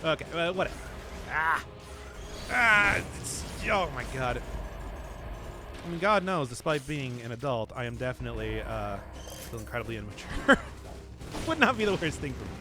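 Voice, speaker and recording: A man's voice: medium pitch, sing-song, normal speed, long pauses, noisy background. A man streaming a video game, chatting casually and rambling to his viewers while he plays. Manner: chatty and rambling, talking to chat while playing. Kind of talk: casual gameplay commentary.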